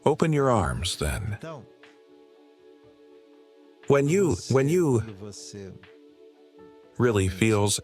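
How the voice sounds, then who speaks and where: A man's voice: medium pitch, huge pitch swings, slow, darkish tone, faint music behind. A man giving an earnest spiritual talk, explaining ideas and repeating his key points. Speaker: spiritual teacher.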